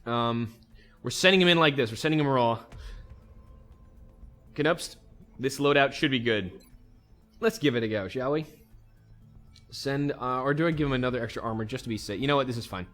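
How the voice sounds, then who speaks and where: Male let's-play host, middle pitch, casual think-aloud commentary over faint music. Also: moderate pace, pauses often, a bit bright. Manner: easygoing, thinks aloud while playing.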